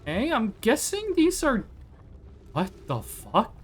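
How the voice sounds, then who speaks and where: A live streamer commenting on a space exploration game, thinking out loud and swearing when startled. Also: medium pitch, wildly swooping pitch, slow pace, a little hiss or hum.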